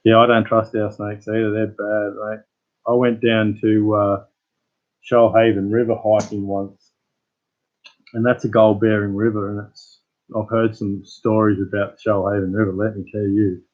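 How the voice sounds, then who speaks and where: A man's voice: lowish voice, little pitch movement, normal speed. Laid-back Australian man, phone-like sound. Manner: rambling, laid-back storyteller. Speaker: channel host. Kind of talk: casual chat with live viewers.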